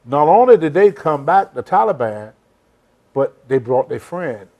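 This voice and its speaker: A man's voice: a little high, big pitch swings, measured pace, warm tone. Older man telling rambling folksy stories. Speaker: host. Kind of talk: casual storytelling chat.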